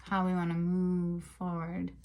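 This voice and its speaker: A woman giving a casual tarot card reading, chatty and emotional, sometimes dropping into breathy half-whispers. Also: lowish voice, monotone, measured pace, heavy background noise. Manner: chatty and emotional, with frequent fillers and soft laughs. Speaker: tarot reader.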